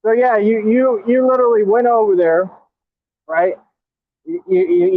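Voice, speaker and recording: A man taunting a rival while riding a scooter outdoors, his voice high for a man and prone to stammering restarts. The sound is thin and phone-like, and close and dry. It is a cocky, trash-talking vlog. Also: level tone, measured pace, no room sound. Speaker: vlogger.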